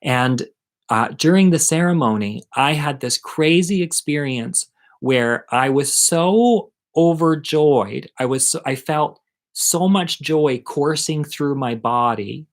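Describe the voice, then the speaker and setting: A middle-aged man telling a personal story at home in a chatty, animated, self-mocking way. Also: fairly high pitch, takes it slowly. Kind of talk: casual storytelling monologue.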